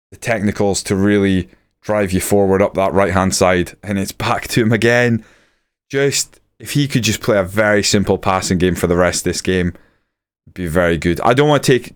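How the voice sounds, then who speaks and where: Man, low smooth voice, excitable play-by-play over a management game, desk mic. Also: normal speed. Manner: excitable play-by-play, muttering asides. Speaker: gaming YouTuber. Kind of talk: video game commentary.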